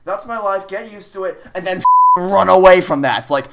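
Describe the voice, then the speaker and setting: A man's voice: sits high, fairly quick, creaky, background noise. Frantic, stammering male gamer. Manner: loud outbursts, cursing. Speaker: let's play gamer. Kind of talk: let's play commentary. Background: game music.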